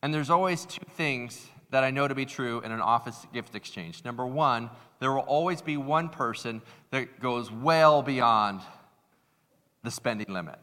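A man preaching a sermon as pastor, lively and conversational, acting out the people in his stories. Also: medium pitch, a little slow, in a large hall. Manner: animated, acts out voices in stories. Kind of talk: sermon with a told story.

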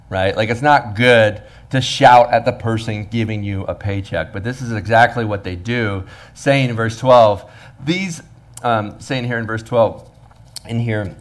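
Male pastor, mid-pitched, preaching with energy and playful asides. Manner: animated, acts out the workers' voices with humor. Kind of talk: sermon.

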